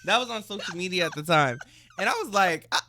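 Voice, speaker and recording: A man co-hosting a podcast in casual chat, animated and quick to laugh. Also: sits high. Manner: animated, laughs often, chatty. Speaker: podcast co-host.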